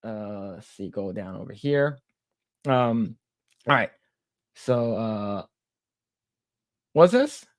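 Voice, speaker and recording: A man's voice: on the low side, slow pace, pauses often, dry recording. Chatty man, dry close sound. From United States. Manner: rambling storyteller who acts out quoted dialogue. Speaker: podcast co-host. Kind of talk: casual podcast chat.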